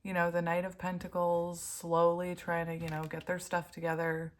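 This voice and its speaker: A woman in a casual tarot reading vlog, speaking in a slightly lower register. Her talk is giggly and gushing, often broken by laughter. She turns heartfelt and emotional, as if she is reading at home. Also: completely flat delivery, moderate pace. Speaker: tarot reader.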